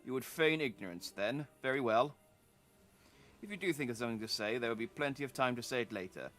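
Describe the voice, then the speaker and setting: A stern guard captain from a fantasy game, as a man puts him on, firm and formal. The tone is bright and pointed, with light music running behind. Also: medium pitch, expressive, brisk, natural voice.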